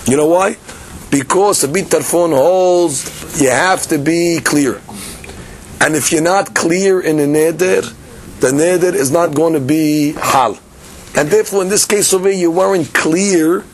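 This slightly high-voiced man leads a spirited Talmud lesson, playing both sides of each argument and thinking out loud with frequent restarts. His English is mixed with Hebrew and Aramaic terms, and a little background noise can be heard.

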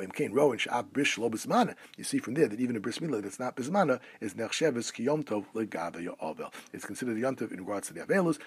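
Husky guy giving a quick torah law class, reads the hebrew then explains, lively up and down. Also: lowish voice, dry recording. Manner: quotes rabbinic phrases then translates them. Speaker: Torah teacher. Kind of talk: halacha class reading and translating texts.

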